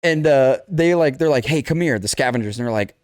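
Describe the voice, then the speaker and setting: Speaking fairly quickly at a medium pitch, a young man co-hosting a podcast spins an animated video game story in casual chat. He acts out the game characters and swears a lot. The recording is studio quality, without echo.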